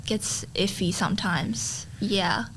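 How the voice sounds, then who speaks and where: A young woman in her twenties, a podcast guest, answering casual questions in a hesitant, giggly, soft-spoken way. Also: mid-range voice, slow, a crowd in the background. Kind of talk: casual interview chat.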